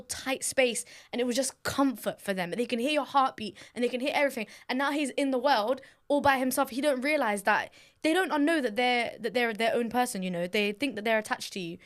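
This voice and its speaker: A woman, a podcast co-host and mother, chatting casually and explaining things in a reassuring, slangy way. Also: fairly high pitch. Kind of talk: casual chat.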